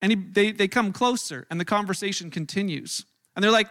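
A man preaching a sermon to a church room, telling the story in an animated way and acting out the voices of the people in it. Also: high voice, a little fast, few pauses. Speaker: pastor.

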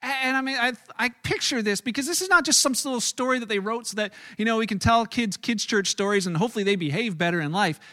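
A man preaching a casual sermon to a live congregation, telling the story in an animated, chatty way with lots of restarts. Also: very high-pitched, fast talker, hardly any pauses, dry recording, studio quality. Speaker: pastor. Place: church hall with a live congregation.

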